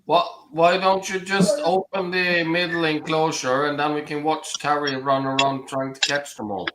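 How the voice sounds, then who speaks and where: A man's voice: a little high, level tone, normal speed, crowd noise, rough recording. A man chatting casually, making playful suggestions. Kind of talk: casual chat.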